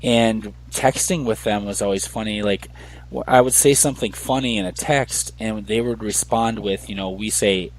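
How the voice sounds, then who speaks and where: A man's voice: on the low side, fairly even intonation, normal speed, poor audio. A man hosting a casual podcast chat, laughing often and rambling with fillers. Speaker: podcast host.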